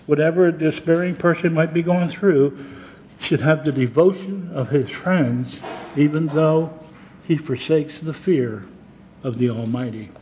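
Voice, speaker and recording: A man's voice: fairly high pitch, dark tone, low-quality recording. Earnest man preaching a sermon. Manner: earnest, plain-spoken preaching with conversational asides. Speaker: pastor.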